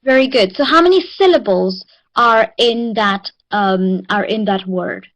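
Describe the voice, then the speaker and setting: A woman's voice: medium pitch, a bit bright, low-quality recording. South African woman, online English teacher, encouraging. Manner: encouraging, drills words slowly.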